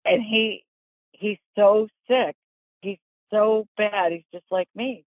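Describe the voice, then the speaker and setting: A woman's voice: medium pitch, takes it slowly, no room sound. A woman golf instructor, a guest in an interview, telling candid stories and acting out the voices in them. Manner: animated, acts out voices in her stories. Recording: dry, phone-like call audio.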